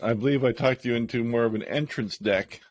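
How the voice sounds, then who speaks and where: A man's voice: medium pitch, a little fast, dry recording. A man co-hosting a casual podcast, easygoing and teasing, nudging his co-host to talk. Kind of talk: casual chat.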